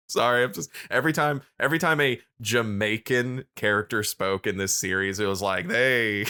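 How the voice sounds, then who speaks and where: A man co-hosting a podcast, chatting casually and recapping episodes in a relaxed storytelling way. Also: medium pitch, normal speed, smooth. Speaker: podcast co-host.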